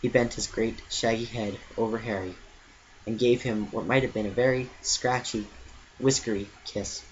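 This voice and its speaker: A man's voice: lowish voice, fairly even intonation, normal speed, slight background noise. Man reading a storybook aloud, lo-fi. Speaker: reader. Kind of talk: amateur audiobook reading.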